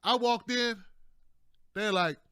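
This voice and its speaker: A man's voice: high voice, takes it slowly, fairly bright tone, smooth, no room sound, studio quality. A man hosting casual political commentary, loose and conversational, often tacking on "man" and jokey asides. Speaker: political commentator, show host.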